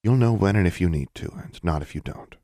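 Man playing a calm witch sister, soft and measured, low voice, audiobook. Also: dry recording, clean studio sound.

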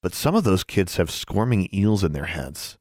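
A blunt, wary teenage boy who mutters his words, as a man puts him on. The voice sits low and dry, close to the reader's own. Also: big pitch swings, normal speed, darkish tone, no room sound. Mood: blunt muttering. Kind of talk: audiobook character voice.

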